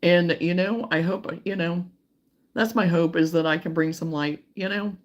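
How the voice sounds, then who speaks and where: A woman hosting a casual crochet livestream, chatting warmly and reading out viewer comments, sometimes close to tears. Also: lowish voice, steady tone, moderate pace, highs cut off. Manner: warm, emotional, reads viewer comments aloud.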